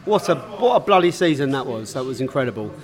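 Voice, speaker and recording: A man's voice: medium pitch, big pitch swings, fast, faint music behind. A man talking on a podcast panel in a hesitant way, with many fillers. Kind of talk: casual podcast chat.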